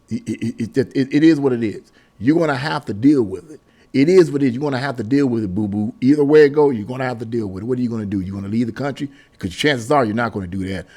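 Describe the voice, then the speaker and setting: Man, lively swooping voice, slightly high, exasperated, repetitive, preachy commentary monologue. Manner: laughs mid-sentence. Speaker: political commentary vlogger. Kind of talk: casual opinion monologue.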